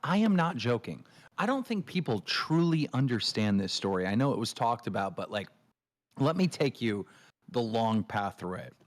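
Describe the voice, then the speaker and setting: A man hosting a livestream, telling a long story in a ranting, swearing way and mimicking others in shrill voices. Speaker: show host. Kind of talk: casual livestream chat.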